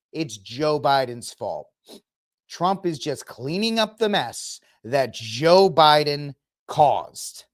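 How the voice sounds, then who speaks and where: A man hosting his own political commentary show, ranting in a heated, indignant way and piling up accusations. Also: fairly high pitch. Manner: fiery, indignant ranting with repeated blame.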